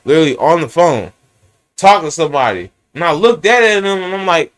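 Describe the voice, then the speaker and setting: A man's voice: high-pitched, fairly quick. A young man with a San Francisco Bay Area accent venting in a profane, rambling rant about his boss. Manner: animated, swearing, rambling rant.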